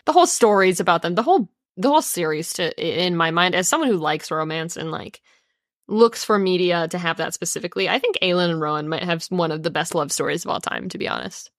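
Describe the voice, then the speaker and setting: A young woman co-hosting a casual book podcast, animated and swearing freely as she laughs through her reactions. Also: lowish voice, fast talker, dry recording, clean studio sound. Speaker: podcast co-host.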